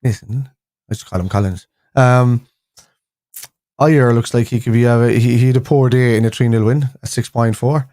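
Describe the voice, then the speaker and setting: A man's voice: medium pitch, fairly even intonation, normal speed, dark tone, dry recording. A man hosting a casual fan live stream, rambling with frequent restarts as he reads out viewer comments. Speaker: fan show host.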